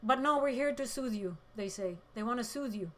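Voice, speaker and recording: A woman hosting a political livestream, reading chat comments and speaking with emotion, close to tears, shifting between loud outbursts and quiet moments. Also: a little high, expressive, a little fast. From Middle East.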